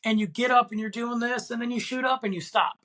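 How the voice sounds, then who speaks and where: A man's voice: very high-pitched, steady tone, fast talker, fairly bright tone, low-quality recording. A middle-aged man hosting a casual solo podcast, telling a story in a rambling way with lots of fillers. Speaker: podcast host.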